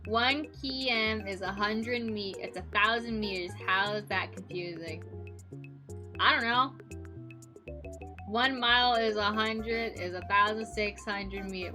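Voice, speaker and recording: Bright young woman rambling on stream. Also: mid-range voice, a little slow, soft background music. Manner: rambling, joking and swearing. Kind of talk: casual stream chat.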